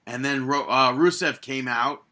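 A man's voice: mid-range voice, a little slow, pushed and bright. A young man co-hosting a casual wrestling podcast, recapping matches with an opinionated, exasperated manner. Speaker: podcast co-host.

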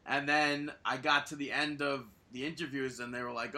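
A man's voice: mid-range voice, little pitch movement, brisk, hardly any pauses, pushed and bright. A man co-hosting a podcast in casual chat, rambling and correcting himself as he goes. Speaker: podcast co-host.

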